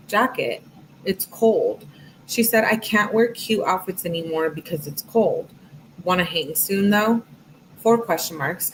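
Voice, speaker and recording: A woman's voice: fairly low pitch, a little hiss or hum, low-quality recording. A woman reading text messages aloud in a casual, sarcastic way, adding her own asides. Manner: casual, sarcastic asides, reads with rising emphasis. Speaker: true crime commentator.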